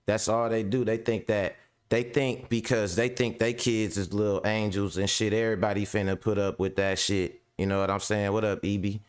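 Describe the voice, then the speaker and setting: A man's voice: fairly low pitch, level tone, normal speed, smooth. A young adult man hosting a podcast, venting angrily about a tenant, swearing heavily and talking in slang. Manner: heavy profanity, slangy, ranting. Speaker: podcast host and landlord. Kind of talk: angry venting monologue.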